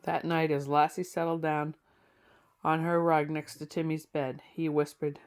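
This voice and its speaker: A woman's voice: sits low, steady tone, a little slow. A woman reading an old children's book aloud to listeners, adding chatty asides between passages.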